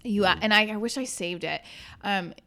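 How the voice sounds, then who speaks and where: This is a woman comedian talking casually as a podcast guest. She tells her story in an animated way and does the other people's lines herself. She swears now and then, and her voice sits at a middle pitch. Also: normal speed, vocal fry.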